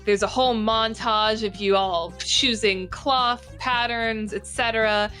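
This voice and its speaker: A woman's voice: fairly high pitch, steady tone, measured pace, bright, forceful tone, soft background music. A woman narrating as game master in a tabletop game, playful and descriptive.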